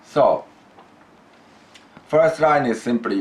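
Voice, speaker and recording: Guy teaching grammar, real slow, lots of ups and downs, low voice. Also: sing-song, slight background noise. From Japan. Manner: slow, deliberate explaining, prompts students to repeat. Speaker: language teacher. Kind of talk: classroom grammar lesson.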